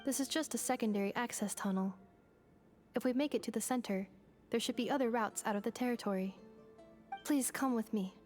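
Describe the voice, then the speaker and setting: A woman voicing a dutiful android woman in a video game, speaking in a measured, formal way. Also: on the high side, a little mellow, soft background music, close to an everyday voice. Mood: earnest.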